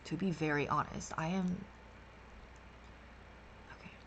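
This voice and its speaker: A woman's voice: low voice, fairly even intonation, unhurried, a little hiss or hum. Sassy, rambling woman host. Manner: sassy, meandering, playful filler sounds. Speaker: meditation livestream host. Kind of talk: casual spiritual card-reading chat.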